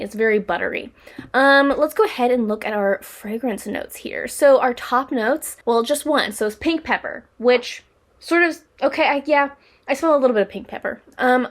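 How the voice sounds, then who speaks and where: A young woman hosting a casual perfume review vlog, chatty and rambling, with lots of fillers and restarts. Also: on the high side. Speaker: perfume reviewer, channel host.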